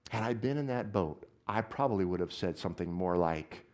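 Male pastor, sermon in a church; animated, lively pitch, alternates loud exclamations with quiet asides, asks the room questions. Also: normal speed, hardly any pauses. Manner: asks the audience questions often.

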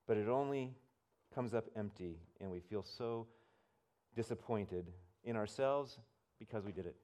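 A man preaching a sermon as pastor, telling stories conversationally and swinging from loud and emphatic to soft and hushed. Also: lowish voice, measured pace. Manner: conversational storytelling, swells loud then drops soft.

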